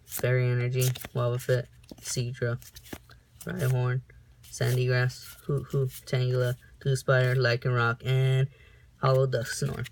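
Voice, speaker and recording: Slow, gravelly young man opening card packs. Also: completely flat delivery, background noise. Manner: reads off cards in a slow list, with sudden high whoops. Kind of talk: casual unboxing commentary.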